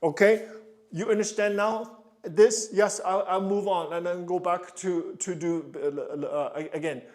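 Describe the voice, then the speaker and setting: A man's voice: sits high, fairly even intonation, a little slow. A man coaching a ballet student, counting rhythm aloud and explaining the character. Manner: counts rhythm aloud, sings da da cues, loud encouraging calls; explanatory, asks "you understand?". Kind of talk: live coaching session.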